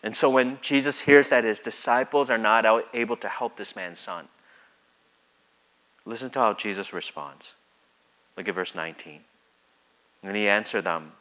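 A man's voice: lowish voice, moderate pace, long pauses. A man preaching a sermon in a conversational way, reading scripture and acting out the quotes. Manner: conversational, acts out scripture with lively voices. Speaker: pastor.

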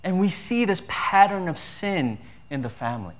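Male pastor, slightly higher voice, chatty sermon delivery with rhetorical questions. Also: very animated, moderate pace. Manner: conversational preaching with rhetorical questions.

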